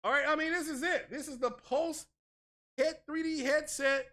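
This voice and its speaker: A man's voice: extremely high pitch, steady tone, normal speed, bright, forceful tone. A man hosting a tech channel, ranting casually with sarcastic, mock-outraged exaggeration and crude, blunt language. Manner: crude, blunt street talk. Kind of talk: casual streamed rant.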